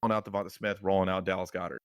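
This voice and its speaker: Brief: male podcast co-host, dry close mic, casual sports chat, teasing but measured. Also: low voice, level tone, clean tone, dry recording. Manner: teasing, measured advice to listeners.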